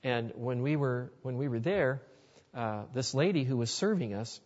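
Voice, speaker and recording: A man with a middle-pitched voice gives a storytelling sermon, earnest and folksy in manner. His voice carries a long reverb off a large hall. The recording is dull and lo-fi. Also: moderate pace, a little mellow. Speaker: Christian speaker. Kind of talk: storytelling sermon to a live audience.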